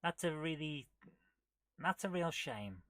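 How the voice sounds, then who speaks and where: A woman's voice: low-pitched, lively intonation, slow, a bit bright, no echo. A woman hosting a casual retro gaming live stream, chatting and muttering to herself as she clicks through menus. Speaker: retro gaming show host.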